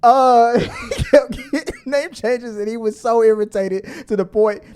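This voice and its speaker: A man's voice: extremely high pitch, unhurried, a little hiss or hum. A middle-aged man hosting a casual live stream, laughing often and reading viewer comments aloud. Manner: laughing, animated, reads chat comments aloud.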